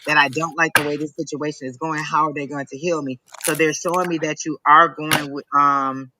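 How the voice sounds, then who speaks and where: A man's voice: fairly high pitch, flat delivery, a little fast, noisy background. A man giving a live psychic reading, emphatic and repetitive as he urges the listener on. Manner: emphatic, repetitive, preachy encouragement. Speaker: psychic reader.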